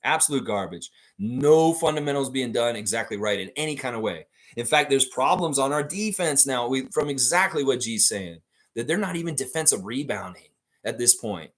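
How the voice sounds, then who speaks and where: A man's voice: mid-range voice, animated, moderate pace, fairly bright tone. A man hosting a casual livestream, reacting to a game and reading viewer chat aloud in a goofy, blunt, ranting way.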